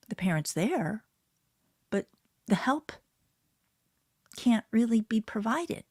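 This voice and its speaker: A woman sound healer leading a guided healing meditation, speaking softly and slowly and often dropping to a whisper. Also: a little high, very animated, breathy edge, dry recording, studio quality. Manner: soft, slow, often drops to a whisper.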